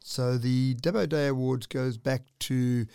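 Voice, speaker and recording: A man, a council representative, explaining plans in a measured, thinking-aloud way during a radio interview. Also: medium pitch, steady tone, creaky, warm tone, clear, resonant tone, no echo, studio quality.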